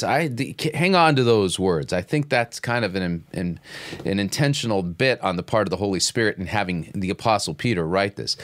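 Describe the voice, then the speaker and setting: A man hosting a podcast, commenting on a played clip and reading Bible passages aloud with pauses and restarts. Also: on the low side, lively intonation, a bit bright, dry recording. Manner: reacts to clips, reads Bible passages aloud. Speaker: podcast host.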